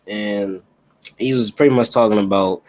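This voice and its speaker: A man's voice: on the low side, moderate pace, darkish tone. A man co-hosting a casual podcast, telling stories loosely and profanely. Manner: loose, profane, storytelling with repeated "yo". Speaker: podcast co-host.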